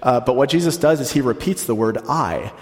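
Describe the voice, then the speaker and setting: A man preaching a sermon with a mid-range voice, chatty and direct, leaning hard and slow on the words he wants to stress. The long reverb of a large church hall trails after each phrase. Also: medium pitch, animated, darkish tone. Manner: conversational preaching, slows down to stress quotes. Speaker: pastor.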